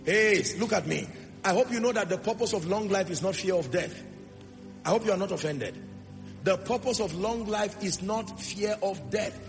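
A man preaching a sermon to a church congregation, emphatic, with rhetorical questions and swings between loud declarations and soft asides. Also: high-pitched, normal speed. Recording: long hall reverb with music underneath. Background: music.

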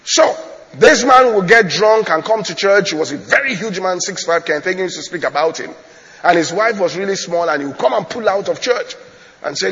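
A man's voice: high-pitched, animated, fairly quick, a bit bright, long reverb tail, lo-fi sound. A male pastor preaching a sermon, telling stories and often checking whether his congregation is following. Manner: storytelling preacher, repeats phrases, checks the congregation.

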